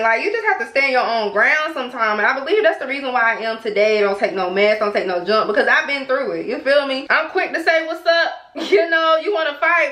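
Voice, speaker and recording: A young adult woman telling stories in a casual, animated way while styling her hair, talking straight to her viewers. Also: sits high. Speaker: beauty vlogger. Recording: roomy echo.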